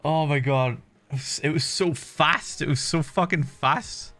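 A man's voice: fairly high pitch, a little slow, fairly bright tone, faint music behind. A man in his thirties chatting casually on a livestream, swearing freely and muttering little sound effects while he builds. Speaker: streamer.

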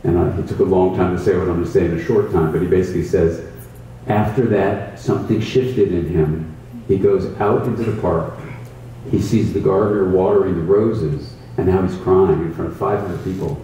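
A mindfulness teacher with a low, dark, mellow voice explains a contemplative practice in a reflective, conversational way, sharing stories from his workshops at a moderate pace with thoughtful emphasis. He sits at a distance from the mic in a very echoey room, and the dull-sounding audio carries faint ambient noise.

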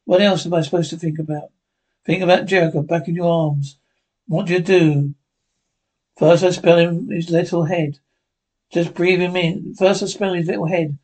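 A man's voice: high-pitched, a little mellow. A man reading a TV drama script aloud, voicing every part himself and speaking the stage directions too. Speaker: script reader.

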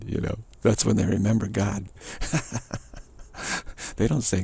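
A man speaking in a rambling spiritual monologue, halting and restarting, with mocking asides. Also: lowish voice, fairly even intonation, vocal fry, warm tone, husky.

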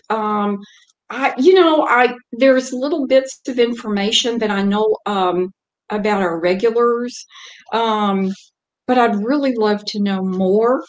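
Earnest American woman, halting speech. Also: fairly high pitch. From United States. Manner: warm, earnest, halting with many fillers. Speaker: guest, community organizer. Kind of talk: casual interview chat.

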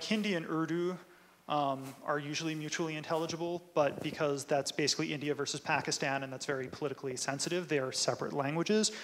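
A man's voice: fairly high pitch, fairly bright tone, a little hiss or hum. A man, a linguist presenter, answering audience questions at a talk in a casual way, often saying "like" and "right?". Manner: casual, many "like" and "right?" tags.

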